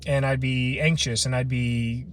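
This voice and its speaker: A man's voice: medium pitch, steady tone, unhurried, slight background noise. A man in his late twenties hosting a casual camping livestream, rambling and slangy while chatting with viewers outdoors at night. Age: late 20s. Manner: loose, rambling, slangy and self-deprecating. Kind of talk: casual live chat reading comments. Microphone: phone livestream.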